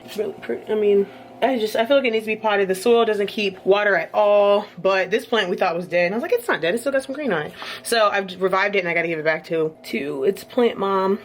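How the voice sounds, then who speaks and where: A woman chatting casually in a home vlog, animated, her voice jumping high when she exclaims. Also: brisk, a little hiss or hum. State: a bit out of breath. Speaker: vlogger. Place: apartment rooms, moving around.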